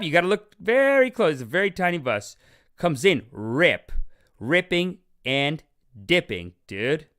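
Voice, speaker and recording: A man hosts a casual podcast, rambling, joking, swearing, and laughing often. His voice is mid-range and a bit bright.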